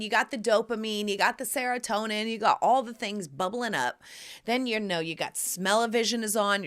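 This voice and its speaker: Woman in her thirties, solo podcast host; bright tone, lively, giggly, plays the voices in her stories. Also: medium pitch. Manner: animated, giggly storyteller acting out quotes. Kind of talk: candid solo podcast chat.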